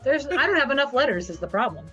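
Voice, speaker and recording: A woman's voice: sits high, sing-song, quick pace, dull audio, over music. A woman co-hosting a podcast in casual chat, blunt and exasperated, swearing and cheering others on. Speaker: podcast co-host.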